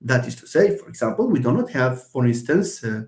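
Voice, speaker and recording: A linguistics lecturer gives a live online lecture in an echoey room, his mid-range, slightly mellow voice swinging widely in pitch. He explains slowly, with many fillers, often repeating himself and starting over.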